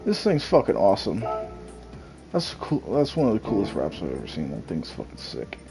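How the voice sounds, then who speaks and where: A young man streaming games, telling a profane story in a casual, animated way and laughing often. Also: low voice, brisk, vocal fry, over music, low-quality recording. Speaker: game streamer.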